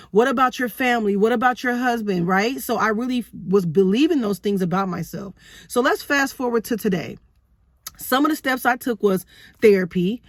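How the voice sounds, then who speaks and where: A woman's voice: mid-range voice, no room sound, studio quality. A woman in her thirties telling a personal parenting story to camera, earnest and full of rhetorical questions. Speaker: vlogger sharing parenting experience.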